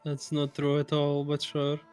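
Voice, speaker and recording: A man's voice: fairly high pitch, completely flat delivery, unhurried, darkish tone, clean tone, soft background music. A man playing a tabletop game, reacting in a chatty, incredulous way. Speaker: player. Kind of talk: casual table chat.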